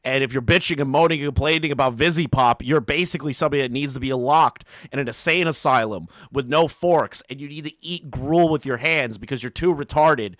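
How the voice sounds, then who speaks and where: A man's voice: mid-range voice, brisk, hardly any pauses, a bit bright, no echo, studio quality. A man hosting a commentary channel, ranting in a profane, mocking way and laughing between jabs.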